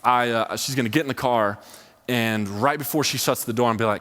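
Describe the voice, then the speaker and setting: A young man preaches at a middle pitch. He tells his story casually and loosely, with plenty of fillers. His voice carries a long reverb from a large hall. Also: quick pace, fairly bright tone. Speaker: college ministry speaker. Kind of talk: sermon.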